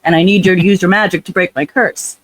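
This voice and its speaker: A woman's voice: on the low side, fairly even intonation, quick pace, no room sound, natural voice, rough recording. A woman voicing a scheming female witch who was turned into a fox, in a blunt, offhand manner.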